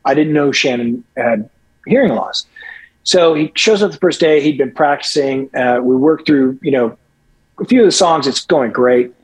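A man's voice: mid-range voice, moderate pace, husky, rough recording. A middle-aged man, a guest rock musician, telling rambling, profane stories in casual podcast chat with many restarts.

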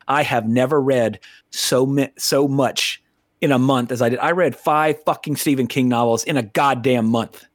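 A man with a mid-range voice co-hosts a casual film review podcast, recorded in studio quality with no echo. He rambles, often cuts himself off mid-sentence, and swears freely.

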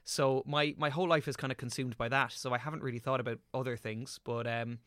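A young actor in his late twenties, a guest on a podcast, tells animated anecdotes with lively energy and casual swearing. His mid-range voice is bright and forceful, and he talks fast. The recording is close and dry, with no room sound.

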